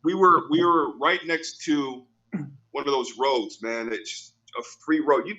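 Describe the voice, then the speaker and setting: A man's voice: mid-range voice, measured pace, pushed and bright, muffled recording. A man hosting a casual podcast, telling stories animatedly and repeating his phrases. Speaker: podcast host.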